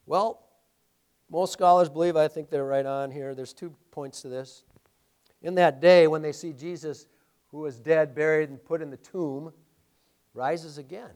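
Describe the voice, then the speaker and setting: Man, pastor, middle-aged, high-pitched, animated sermon, loud emphasis and quiet stories. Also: measured pace. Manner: animated preaching, swings from loud emphatic to hushed storytelling.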